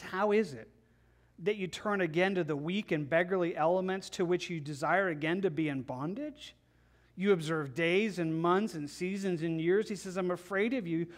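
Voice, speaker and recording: A man preaching a sermon, reading and paraphrasing scripture in an earnest, pleading way with frequent stammered restarts. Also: fairly high pitch. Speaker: pastor.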